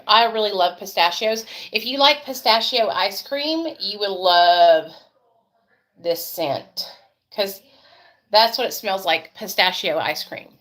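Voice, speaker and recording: A woman's voice: mid-range voice, slow. A woman vlogger and mother, chatting casually and telling a story with lots of swearing. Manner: chatty, profane, animated storytelling.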